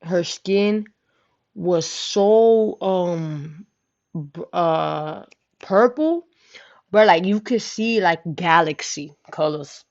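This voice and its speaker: A young woman vlogger telling a story casually, animated, profane and full of slang, acting out the voices of the people in it. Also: lowish voice, drawn-out words. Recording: dull lo-fi recording.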